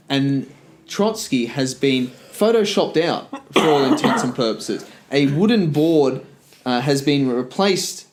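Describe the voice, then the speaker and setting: A man with a mid-range voice on a casual history podcast. He drops dry one-liners, then settles into long explanations. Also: mid-range voice. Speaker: podcast co-host.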